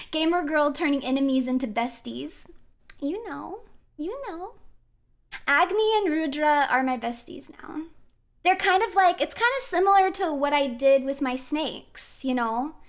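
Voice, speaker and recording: A woman with a high, bright-pitched voice, chatting casually to her viewers as she plays. She is giggly and playful and laughs often between her thoughts. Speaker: streamer. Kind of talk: casual chat while gaming.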